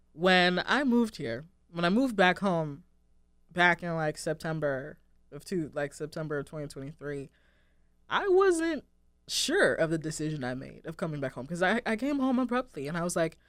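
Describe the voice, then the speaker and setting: A woman's voice: deep voice, no room sound, clean studio sound. Earnest young woman musing on air. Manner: earnest, rambling, heavy use of "like" and "um". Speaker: radio show host. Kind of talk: reflective casual monologue.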